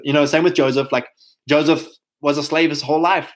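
Animated South African man, fairly high voice. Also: brisk, poor audio. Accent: South African English. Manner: animated, mocking asides in put-on voices, frequent laughs and fillers. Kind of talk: casual monologue.

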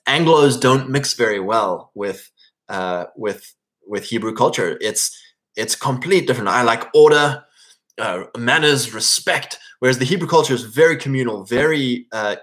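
A man giving a loose, conversational sermon at a mid-range pitch. He talks as if chatting with his listeners, keeps tagging his points with "right?", and often doubles back to restart a phrase. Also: a bit bright. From England. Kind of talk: informal sermon.

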